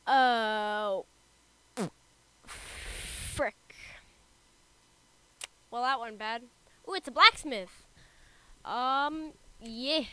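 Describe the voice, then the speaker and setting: A woman's voice: fairly high pitch, slow pace, bright, forceful tone, smooth. A woman doing casual gameplay commentary, playful, reading game dialogue aloud. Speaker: gamer.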